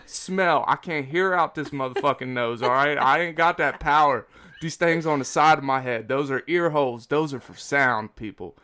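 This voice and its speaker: A man's voice: mid-range voice, normal speed, bright, forceful tone, smooth. A man hosting a casual podcast, ranting about pet peeves with lots of swearing and emphatic asides to the audience. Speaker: podcast host.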